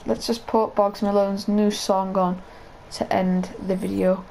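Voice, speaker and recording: Excitable young gamer, high voice, gunfire behind. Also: male voice, measured pace, gravelly, a little hiss or hum, low-quality recording. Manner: excitable, chatty, talks to viewers as "boys". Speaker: gaming video creator. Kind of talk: live gameplay commentary. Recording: game sounds loud under voice. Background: gunfire and game announcer.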